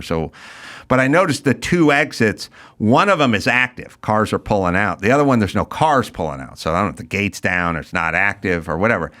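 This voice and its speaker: A male podcast host with a lowish voice and a slightly fast delivery tells a story full of rants in casual chat. He's animated and acts out the quotes of the people involved.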